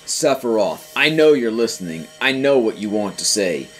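A man's voice: fairly low pitch, big pitch swings, normal speed. A man hosting a game playthrough, reading the dialogue aloud with dry asides. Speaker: let's play host. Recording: faint game music behind.

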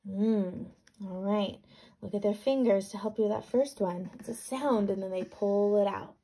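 Husky woman teacher reading to children. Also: medium pitch, moderate pace. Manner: animated, questioning, sounds words out. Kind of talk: reading a picture book aloud to young students.

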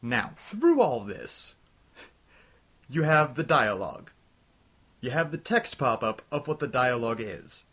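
A young man hosting a comedic game review, ranting in an exasperated, scattershot way and talking himself back to calm. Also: mid-range voice, a little slow, long pauses. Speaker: host of a retro game review show.

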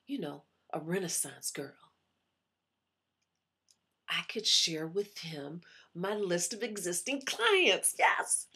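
Husky woman with a Southern drawl. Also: lowish voice. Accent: put-on Southern US. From US Midwest. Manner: chatty, animated, self-promoting. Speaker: actress auditioning. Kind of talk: comic audition monologue addressed to a diary.

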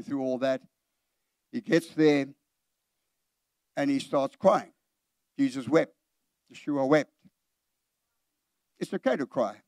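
A middle-aged pastor preaches a sermon in a church, animated, putting questions straight to the congregation and acting out the voices he quotes. His mid-range voice has a darkish tone, captured dry with no room sound at studio quality.

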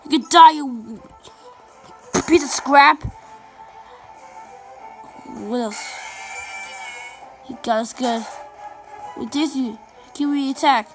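A woman giving excitable let's play commentary over a game, chanting and repeating little phrases as she plays. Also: sits high. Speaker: gameplay commentator.

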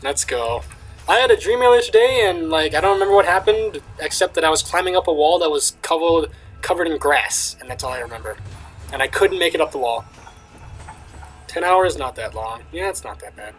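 A young man commenting on a game he is playing, excitable, swearing, with lots of fillers. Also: on the high side, brisk, faint music behind, rough recording. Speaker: gamer. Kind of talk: let's play commentary.

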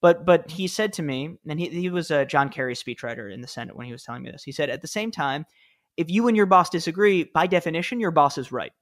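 A man's voice: a little high, lively intonation, quick pace. A man in his thirties, a podcast guest, telling stories in a chatty, easygoing way with fillers and small laughs. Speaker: podcast guest, former speechwriter. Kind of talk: casual interview storytelling.

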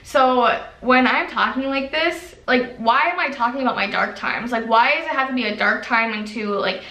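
A woman's voice: a little high, moderate pace, sharp tone, reverberant, far from the mic, rough recording. A young woman vlogger chatting casually and rambling, with lots of "like", as she reflects on her past as a fitness coach. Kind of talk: casual get-to-know-me chat.

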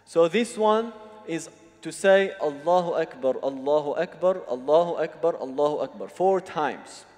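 A man's voice: fairly high pitch, lively intonation, moderate pace, darkish tone. A man teaching a religious seminar, explaining step by step and often checking that the audience follows. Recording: long hall reverb.

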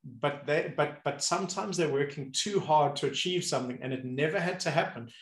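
A man hosting a casual conversation as a movement coach, telling animated stories and acting out the people he describes. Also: fairly high pitch, fairly quick. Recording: roomy echo.

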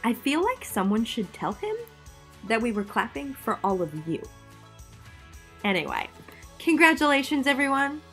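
A woman's voice: fairly high pitch, very animated, normal speed, long pauses, fairly bright tone, soft background music. A woman theater teacher presenting awards in a playful, theatrical, jokey way, often interrupting herself.

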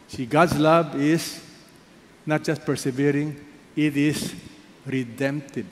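A man with a Filipino accent preaching a sermon as pastor, firing rhetorical questions and swinging between loud emphasis and hushed asides. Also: a little high, steady tone, slow pace, long pauses. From Philippines. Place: large church hall. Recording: echoey hall, faint background noise.

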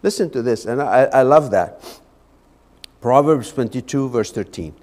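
A man's voice: medium pitch, lively intonation, a little slow, darkish tone. A man preaching a Sunday evening sermon in a church, fervent and often repeating his words as he goes. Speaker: lay preacher. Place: church sanctuary. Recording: echoey church hall.

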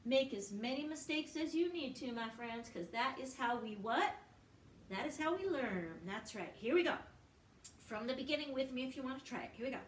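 A woman's voice: sits high, lively intonation, a little fast, a little hiss or hum. A woman teaching a music lesson to young children online, encouraging and patient, often chanting and singing syllables.

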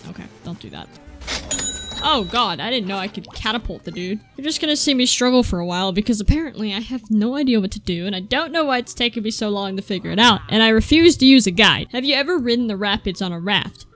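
A woman gaming on a channel, her voice bright and sharp, swinging widely up and down as she grumbles and swears at the characters on screen. Faint music plays underneath. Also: on the high side, animated, quick pace. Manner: exasperated, profane, talks back at game characters. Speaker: let's play gamer. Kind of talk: gameplay commentary.

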